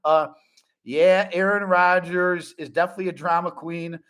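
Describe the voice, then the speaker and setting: A man's voice: sits high, moderate pace. A man in his forties hosting a fan live stream, chatting casually with viewers and joking a lot. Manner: animated, joking, repeats catchphrases.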